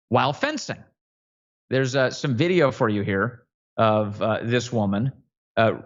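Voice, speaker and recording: A man's voice: medium pitch, muffled recording. Sarcastic male political show host. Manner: sarcastic, mocking, emphatic.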